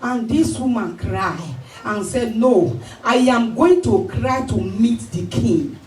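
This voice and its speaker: A woman pastor preaching a sermon, rising to shouted exhortations and calls for hallelujah. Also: fairly high pitch, takes it slowly. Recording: echoey church hall, mic from far off, faint hiss.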